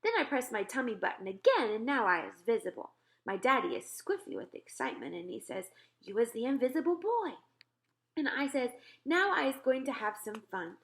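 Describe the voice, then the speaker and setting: A woman voicing an excitable, boastful young boy who tells his dream with broken grammar. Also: fairly high pitch, a little fast, pitched above the performer's own voice. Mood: excited.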